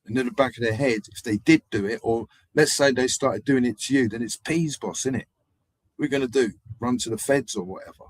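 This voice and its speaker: A man hosting a live stream, telling rambling, animated anecdotes in casual street slang. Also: mid-range voice, brisk, no room sound. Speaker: livestream host. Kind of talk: casual livestream storytelling.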